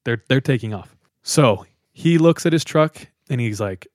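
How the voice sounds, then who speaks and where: Animated young man telling a story. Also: medium pitch, normal speed, dry recording, studio quality. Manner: animated, laughs often, acts out quoted people. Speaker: podcast host. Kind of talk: casual storytelling among friends.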